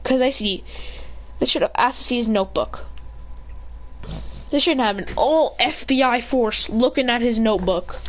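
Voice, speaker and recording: A woman's voice: fairly high pitch, lively intonation, moderate pace. A woman telling a story in a casual, rambling way, swearing and jumping between asides. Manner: rambling, swearing, acts out character voices. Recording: dull lo-fi recording.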